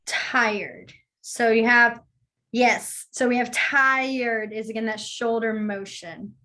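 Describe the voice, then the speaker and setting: Brief: young woman, chatty teacher, slightly high voice, easily sidetracked. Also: fairly even intonation, takes it slowly, bright, forceful tone. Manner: chatty, rambling, apologizes for sidetracks. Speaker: sign language teacher. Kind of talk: casual online class teaching.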